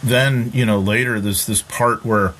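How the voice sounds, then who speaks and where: A man's voice: on the low side, fairly even intonation, measured pace, a bit bright, a little hiss or hum. A man hosting a casual podcast discussion, thoughtful and given to restarting his sentences. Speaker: podcast host.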